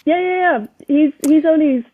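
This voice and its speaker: A woman's voice: high-pitched, normal speed. A woman from the United Kingdom calling in, eager and chatty. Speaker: caller. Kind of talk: casual chat on a call. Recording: tinny phone line.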